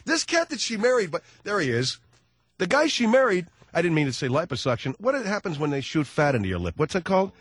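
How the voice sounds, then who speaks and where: A man's voice: high-pitched, very animated, quick pace, fairly bright tone, husky, no echo. A man hosting talk radio, rambling through a sardonic, self-mocking comic monologue into a studio microphone. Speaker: radio talk show host.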